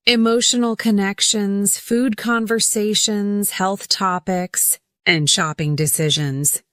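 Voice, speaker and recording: A woman narrating a scripted English lesson, speaking deliberately and repeating words for pronunciation drills. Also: medium pitch, a bit bright, no echo, clean studio sound. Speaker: English teacher.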